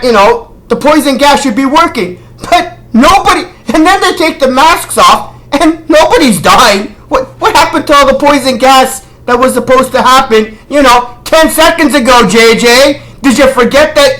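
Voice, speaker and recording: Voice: sits high, fairly bright tone. A film critic vlogger ranting casually, sarcastic and exasperated, firing rhetorical questions and scolding the director directly. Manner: rhetorical questions, repeated disbelief.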